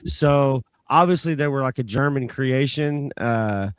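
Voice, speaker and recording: A man's voice: medium pitch, a little slow, clear, resonant tone, dry recording. A man co-hosting a podcast, explaining background trivia in a loose, chatty way. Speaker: podcast co-host. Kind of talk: casual chat.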